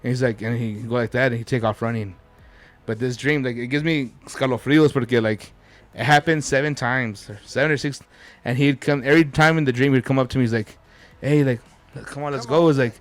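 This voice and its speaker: This man's medium-pitched voice keeps a steady tone and moves a little fast, with no echo. He rambles through a casual story as a podcast guest, cursing and sprinkling in Spanish words.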